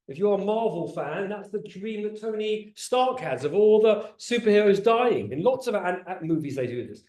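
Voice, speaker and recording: A middle-aged man teaches a Torah class, his voice pitched high and swinging widely as he questions his listeners. He repeats words when he gets going. The room rings with echo. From England. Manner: animated, asks the audience questions, repeats words when excited. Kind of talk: lively teaching talk to a group. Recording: roomy echo.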